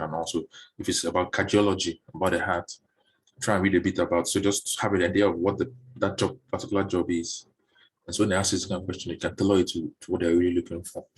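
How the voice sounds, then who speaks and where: A man coaching job seekers through interview questions in a relaxed online session, often repeating words while he thinks, heard over a video call. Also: low voice, husky.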